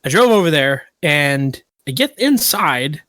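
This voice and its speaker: A man's voice: on the high side, unhurried, no room sound. A man co-hosting a podcast, telling a story in casual chat and getting worked up and indignant. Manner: animated storyteller who gets worked up and indignant. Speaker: podcast co-host.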